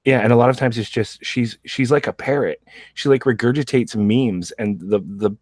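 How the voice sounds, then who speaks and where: A man's voice: medium pitch, normal speed, darkish tone, no echo. A man hosting a casual podcast chat, rambling with restarts and frequent laughs. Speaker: show host.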